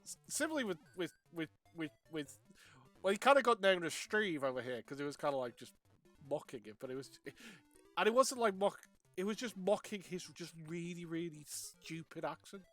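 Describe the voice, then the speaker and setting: Rambling man, slightly high voice. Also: lively intonation, a little fast, fairly bright tone, faint music behind. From Wales. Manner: rambling, laughing, many restarts. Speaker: streamer. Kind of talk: casual chat while playing a game.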